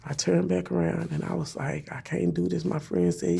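A woman's voice: lowish voice, little pitch movement, normal speed, vocal fry, dark tone, husky. A woman telling an emotional personal story in plain, repeated phrases, speaking her prayers aloud.

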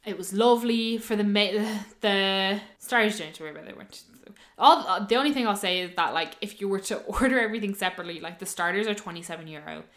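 A young woman with a mid-range voice talks fast as she casually tells a story. She's animated, acting out the people in it by quoting them in lively voices.

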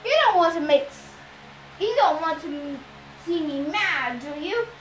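Child reader doing a bellowing, bullying male war god for a storybook; high young voice pushed loud and slow, echoey room. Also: expressive, slight background noise, exaggerated voice. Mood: angry, menacing.

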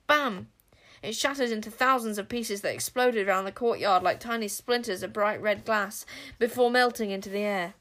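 A woman narrating a storybook with an expressive, dramatic delivery. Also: mid-range voice, normal speed, few pauses. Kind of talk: storybook reading.

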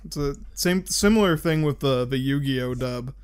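A man's voice: medium pitch, moderate pace, clear, resonant tone. A young man chatting casually on a podcast, easygoing and often trailing off mid-sentence. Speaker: podcast co-host. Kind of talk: casual chat among friends.

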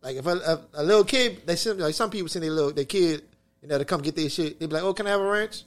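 A man's voice: a little high, fast. A young adult man co-hosting a podcast in casual chat, profane and emphatic. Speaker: podcast co-host.

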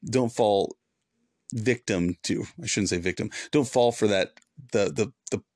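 A man's voice: lowish voice, measured pace, a little mellow, dry recording, studio quality. A man who is a former pastor, hosting a devotional podcast in an earnest, preachy way and repeating points for emphasis.

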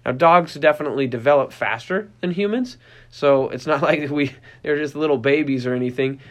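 A man's voice: a little high, brisk. Chatty man explaining with playful asides. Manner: conversational, many restarts, acts out puppy and child voices. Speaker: podcast host, dog trainer. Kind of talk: casual explanatory podcast talk.

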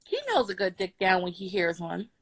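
A woman's voice: fairly low pitch, steady tone, normal speed, a crowd in the background, poor audio. A woman telling a brash, profane story on a live video stream, laughing and breaking into song. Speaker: guest storyteller. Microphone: phone on a live video stream.

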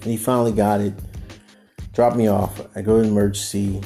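A man with a fairly low voice tells a personal story as a podcast host. He rambles, restarts and acts out what others said. Soft music plays quietly behind him. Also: brisk, gravelly. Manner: rambling, animated, acts out quotes.

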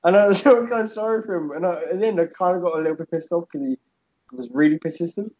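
A man's voice: high-pitched, fast talker, darkish tone. Young guy podcasting, swears a lot, laughs a bunch, kinda lo-fi audio. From Britain. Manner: rambling, laughing often, swearing. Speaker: podcast co-host. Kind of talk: casual podcast storytelling.

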